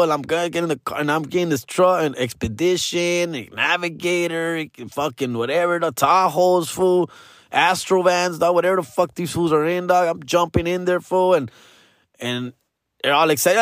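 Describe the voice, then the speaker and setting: A man's voice: a little high, moderate pace, no echo, studio quality. Slangy storytelling man. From Los Angeles area. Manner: slangy and profane, acts out quoted voices. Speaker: comedian. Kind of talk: casual storytelling.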